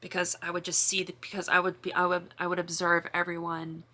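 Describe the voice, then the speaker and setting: A woman's voice: fairly low pitch, completely flat delivery, brisk, sharp tone. A young woman vlogger talks to camera in an emotional, confessional way, rambling with many restarts and fillers.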